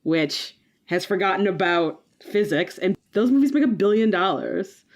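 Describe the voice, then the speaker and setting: A woman's voice: mid-range voice, lively intonation, moderate pace. A woman co-hosting a podcast, chatting casually and animatedly about a movie, laughing often and using lots of "like" fillers. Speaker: podcast co-host. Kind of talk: casual chat.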